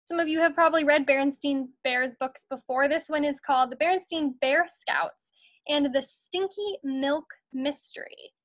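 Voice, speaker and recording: A woman teacher reads a picture book aloud to her students. She speaks in a high voice with an encouraging, storytelling manner. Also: normal speed.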